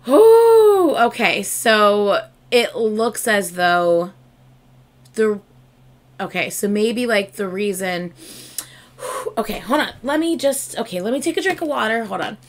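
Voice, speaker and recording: A woman's voice: mid-range voice, lively intonation, slow pace. A woman reacting to a music video in casual, chatty commentary, gushing and swearing freely.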